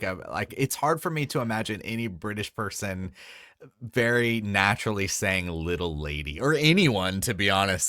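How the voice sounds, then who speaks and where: A man's voice: sits low, bright, forceful tone, no echo, clean studio sound. A man co-hosting a podcast, giving frank opinions in casual conversation. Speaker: podcast co-host. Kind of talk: casual chat.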